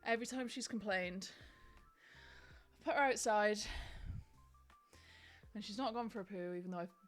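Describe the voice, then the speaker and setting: A woman's voice: medium pitch, normal speed, soft background music. Chatty woman streamer. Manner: chatty, rambling, frequent ums and likes. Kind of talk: casual chat on a live stream.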